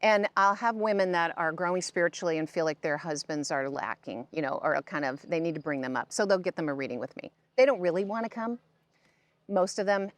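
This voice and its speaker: This lowish-voiced, middle-aged psychic medium is interviewed in a relaxed, conversational way. Her stories come alive as she imitates the other people involved, and the audio carries no room sound.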